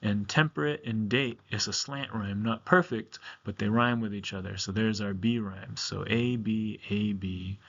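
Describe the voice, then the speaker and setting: A man's voice: lowish voice, steady tone, unhurried, vocal fry, few pauses, a bit bright, dull audio. A male teacher giving a recorded video lesson to his class, talking casually with frequent ums and okays.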